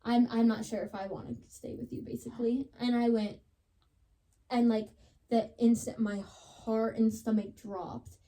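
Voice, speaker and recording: A young woman co-hosting a casual podcast, telling a personal story with lots of "like" and plenty of drama. Her voice sits somewhat high, with a dark, mellow tone. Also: fairly even intonation, measured pace. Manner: chatty, dramatic retelling, lots of "like". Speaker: podcast co-host.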